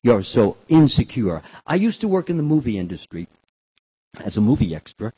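An older man from the Bronx giving a storytelling sermon, acting out children's cries in a high voice. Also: very animated, brisk, breathy edge. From the Bronx, New York. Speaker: devotional speaker. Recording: dull lo-fi recording.

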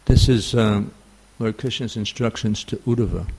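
A man with a New York accent giving a scripture class, halting and full of fillers. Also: fairly low pitch, gravelly, a little mellow, husky. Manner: halting, many fillers and restarts. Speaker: spiritual teacher.

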